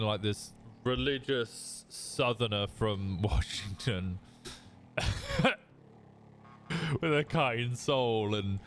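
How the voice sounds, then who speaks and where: A man's voice: lowish voice, slight background noise. A young man with an English accent chatting casually on a live stream while gaming, rambling and self-mocking, breaking into laughs and the odd curse.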